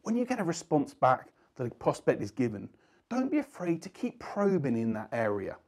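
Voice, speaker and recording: A male sales trainer explains his method in an earnest coaching manner, pressing on the important words. His pitch moves up and down a lot as he talks. The voice sounds mellow, with a slightly husky edge. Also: wildly swooping pitch, moderate pace. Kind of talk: instructional talk to camera.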